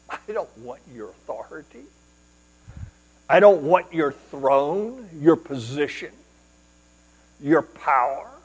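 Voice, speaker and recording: A man's voice: high-pitched, low-quality recording. A male pastor preaching a sermon, explaining a passage and asking rhetorical questions.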